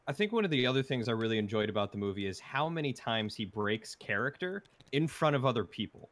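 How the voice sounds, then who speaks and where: A man chatting casually about a film he just watched while doing a jigsaw puzzle with a friend, recounting scenes in a relaxed way. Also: mid-range voice, quick pace, no room sound. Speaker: co-host.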